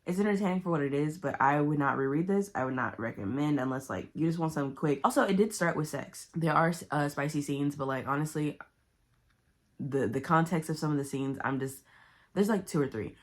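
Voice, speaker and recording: A woman casually recapping a book to camera, animated and chatty. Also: low voice, fairly quick. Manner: chatty, animated retelling with loud quoted outbursts. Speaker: book vlogger.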